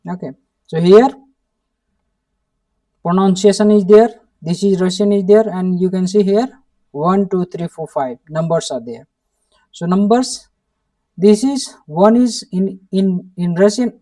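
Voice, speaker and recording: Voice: mid-range voice, takes it slowly, pauses often, dark tone, distant mic. A language teacher from India with an Indian English accent, giving an online lesson, repeating each word again and again and prompting with a questioning "hmm?".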